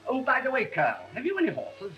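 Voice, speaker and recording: A man's voice: very high-pitched, huge pitch swings, racing, lo-fi sound, faint music behind, heavily acted. A man playing a fussy, genteel upper-class lord in a 1930s film comedy, prone to fluttery exclamations.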